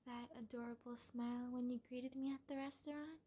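Young woman as a doting, possessive kidnapper; whispered role-play, high, mellow, airy voice. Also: fairly even intonation, fairly quick. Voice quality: breathy, half-whispered. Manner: gentle, coaxing, calls listener darling. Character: obsessive doting female kidnapper, soft and possessive. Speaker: audio role-play performer.

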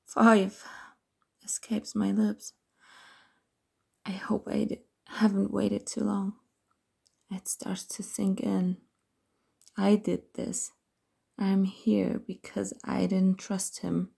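A woman telling a first-person erotic story as a whispered role-play, in a soft, intimate whisper. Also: mid-range voice, flat delivery, slow pace, vocal fry, husky. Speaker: narrator of an erotic audio story.

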